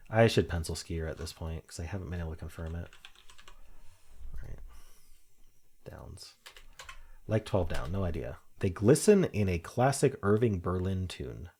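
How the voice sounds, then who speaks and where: A man with a deep, gravelly voice works through a crossword, reading clues aloud and muttering his guesses as he goes. His tone is husky and unpolished, the sound of someone thinking out loud on his own. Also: big pitch swings, moderate pace, long pauses. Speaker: crossword-solving video host. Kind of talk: thinking aloud while solving a puzzle.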